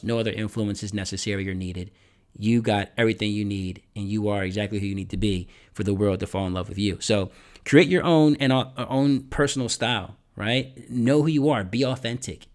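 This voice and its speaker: A man hosting a motivational podcast, talking energetically and often checking in with "right?". He sometimes drops to a whisper and then booms to make a point. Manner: animated, repeats points and asks "right?". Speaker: podcast host.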